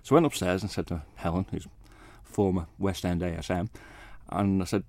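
A man, a bass player, chatting as a radio guest in a modest, rambling way, acting out what others said to him. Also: steady tone, fast, creaky, few pauses, darkish tone, no echo, clean studio sound. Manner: modest, rambling, acts out quoted talk. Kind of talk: casual interview chat.

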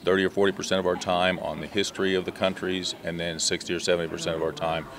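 Deep-voiced American agriculture advocate. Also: male voice, level tone, quick pace, a bit bright, slight background noise. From USA. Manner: earnest, advocating, with restarts. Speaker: leader of a student agriculture tour. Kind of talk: interview answers.

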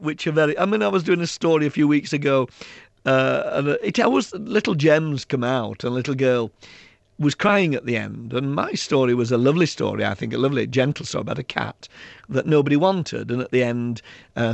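Guy with a gravelly voice telling funny stories in an interview, does little voices, dry studio sound. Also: mid-range voice, fairly quick, no echo. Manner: lively storyteller who mimics the people in his anecdotes. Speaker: author and public speaker, guest. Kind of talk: interview, anecdotal storytelling.

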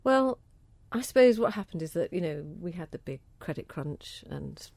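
A middle-aged woman with a southern English accent answers questions in a lively, chatty way, tripping over the first words of her sentences as her enthusiasm runs ahead. Her voice sits fairly low. The recording is dry and close, with no room sound. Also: normal speed, gravelly, dry recording. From southern England. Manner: chatty, enthusiastic, self-deprecating, repeats words when starting. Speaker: interviewee, organic food campaigner. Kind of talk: casual interview answers.

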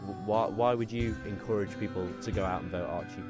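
A man's voice: lowish voice, steady tone, brisk, loud music behind the voice. A young man co-hosting a casual political podcast, rambling as he searches for words. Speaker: podcast co-host.

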